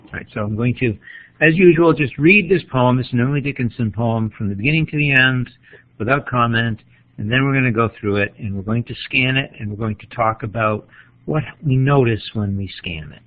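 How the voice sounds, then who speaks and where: A man gives a measured literature lecture, explaining step by step and pausing to collect his thoughts. His voice sits at an ordinary middle pitch. The recording is thin and tinny, like a phone line. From New England. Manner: measured, explanatory, pauses to think. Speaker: literature teacher.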